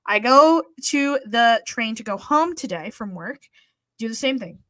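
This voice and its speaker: A young woman co-hosts a podcast, telling a story in casual conversation, animated and cursing freely as she acts out what people said. Her voice sits a little high and her delivery is unhurried, with no echo in the recording.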